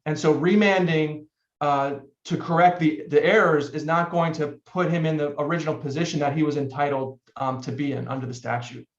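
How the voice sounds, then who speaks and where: A man's voice: on the high side, fairly even intonation, brisk. A man arguing for the appellant in court, hesitant and filler-heavy, often restarting his sentences. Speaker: attorney for the appellant. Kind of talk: courtroom oral argument. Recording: echoey, muffled courtroom audio.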